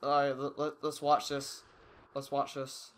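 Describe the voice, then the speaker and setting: A man's voice: medium pitch, monotone, a little slow, very noisy. A young man giving casual, rambling, self-mocking commentary over his own gameplay. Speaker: gaming YouTuber.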